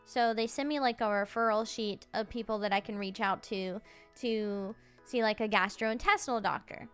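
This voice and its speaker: A woman around thirty, a streamer telling a story in a chatty, halting way, full of "like" fillers and restarts. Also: medium pitch, steady tone, fairly bright tone, clean tone, faint music behind. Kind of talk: casual storytelling.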